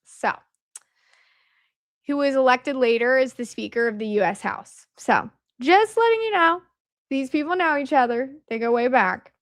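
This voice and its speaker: Woman vlogger, casual, filler-heavy commentary, fairly high voice, strained and worn, dry close sound. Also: moderate pace, dry recording. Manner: conversational, with frequent fillers and asides. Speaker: video host. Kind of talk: casual commentary over on-screen slides. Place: at home, at night. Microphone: camera mic at a desk.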